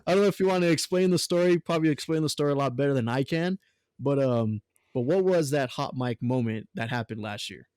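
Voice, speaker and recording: A man hosting a baseball podcast, chatting casually with his guest, laughing along and reacting quickly. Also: mid-range voice, darkish tone, no echo, studio quality. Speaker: podcast host. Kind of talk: casual interview chat.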